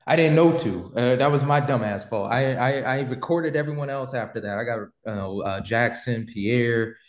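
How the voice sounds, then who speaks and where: A man's voice: mid-range voice, normal speed, reverberant. A man hosting a podcast and telling a story in a casual, slangy, rambling way, full of fillers. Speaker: podcast host.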